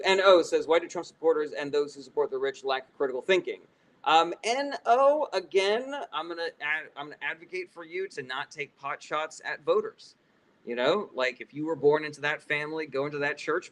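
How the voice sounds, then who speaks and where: Blunt, bright-voiced man. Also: fairly high pitch, normal speed, poor audio. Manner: blunt, profane, exasperated. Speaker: political livestream host. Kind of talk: casual livestream Q&A.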